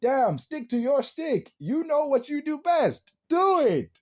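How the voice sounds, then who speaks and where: A man's voice: extremely high pitch, sing-song, a little slow, few pauses, a little mellow. A man hosting a podcast, ranting in a casual, slangy, exclamatory way and laughing often. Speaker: podcast host.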